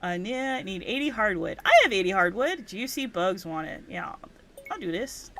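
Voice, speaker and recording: In a noisy setting, a Hawaiian young woman talks animated and fairly quick at a medium pitch during casual gaming stream chat. Profanity flows as she rants herself into a fervor.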